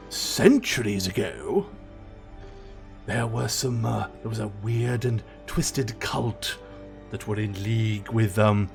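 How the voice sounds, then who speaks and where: A man voicing an excitable, fussy male wizard scholar who stumbles over his words. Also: lowish voice, gravelly. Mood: hushed storytelling.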